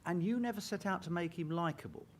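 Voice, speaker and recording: A man interviewing an actor and prompting him with lively questions. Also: high voice, fast.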